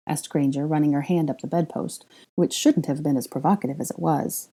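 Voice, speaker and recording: A woman reading a story aloud as a fan fiction narrator, in a measured, even delivery with wry asides. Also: sits low, breathy edge. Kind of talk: audiobook narration.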